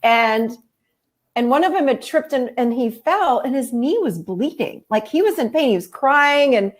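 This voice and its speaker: A woman therapist and life coach explaining in a relaxed conversational way, telling lively stories and acting out the voices of people she quotes. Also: high voice, normal speed.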